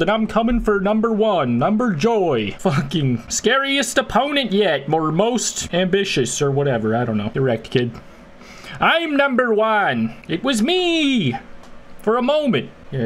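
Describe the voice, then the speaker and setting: A man giving crude, jokey gameplay commentary, often switching into silly voices. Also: high-pitched. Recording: loud game noise behind the voice.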